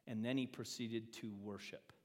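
A man preaching a sermon as pastor in a church, acting out quoted speech and swinging from loud, emphatic lines to quiet ones. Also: mid-range voice, fairly even intonation, moderate pace. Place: church sanctuary. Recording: long reverb of a church hall.

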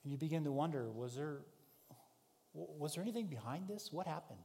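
A man delivers a sermon as a vivid story told to the listener, swinging between raised, shouted passages and quiet, hushed ones. His voice sits a little high with a mellow, dark tone. The sound carries the long reverb of a large hall. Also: animated, a little fast, gravelly. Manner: vivid second-person storytelling, shifting from shouts to hushed tones. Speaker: preacher.

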